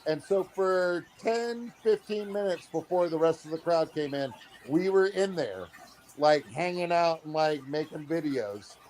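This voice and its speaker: A man's voice: on the high side, unhurried, slight background noise. A man in his thirties telling a story in a casual vlog, acting out the people in it, with many fillers. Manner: animated, acts out quotes, many fillers. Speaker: aquarium hobby vlogger.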